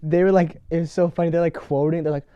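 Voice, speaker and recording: Mellow young man, filler-heavy. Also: a little high, steady tone, fast, clean tone, no room sound. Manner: laid-back, heavy filler "like", swears. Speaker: podcast co-host. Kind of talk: casual podcast chat. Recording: dull, dry lo-fi sound.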